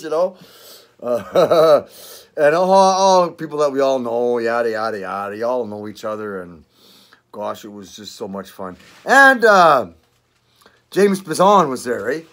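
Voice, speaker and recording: A man's voice: mid-range voice, lively intonation, normal speed, a bit bright. An older man with a Canadian accent, chatting casually in a vlog, rambling, swearing and laughing often. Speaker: vlogger. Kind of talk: casual chat.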